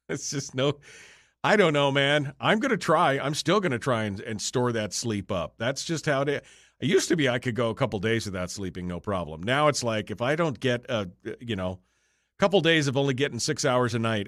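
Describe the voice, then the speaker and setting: A man's voice: on the low side, fairly bright tone, dry recording, clean studio sound. Tired, joking male radio host. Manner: rambling, self-deprecating, joking with chat. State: tired, yawning. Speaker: radio talk show host. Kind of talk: off-the-cuff livestream chat.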